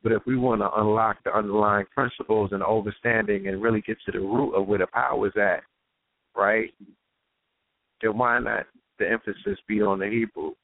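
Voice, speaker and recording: A man hosts a casual radio discussion, building long, searching questions in a lowish voice. His sound is dry and close, with no room around it. It comes through a thin, phone-like line. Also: steady tone, moderate pace, vocal fry, no echo. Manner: long searching questions with frequent "you know what I'm saying".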